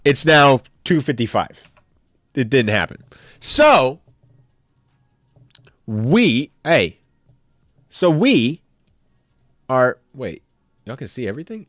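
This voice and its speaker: Animated young male streamer, dry sound. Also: mid-range voice, slow pace, pauses often, dry recording. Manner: animated, jokey, talks back to chat. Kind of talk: casual live-stream chat and tier list reactions.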